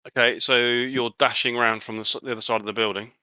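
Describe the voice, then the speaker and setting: Bright-voiced man running a tabletop game. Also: mid-range voice, steady tone, no echo, rough recording. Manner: halting, many fillers and restarts. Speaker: game master.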